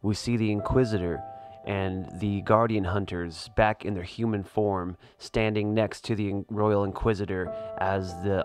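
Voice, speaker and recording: A man narrating a tabletop game as game master, with frequent ums and uhs. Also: on the low side. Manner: descriptive, many ums and uhs.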